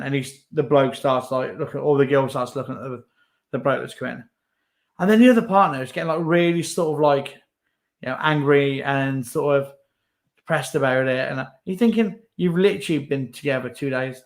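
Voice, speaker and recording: A man's voice: medium pitch, moderate pace. A young man, chatting casually as co-host with lots of fillers. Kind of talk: casual chat.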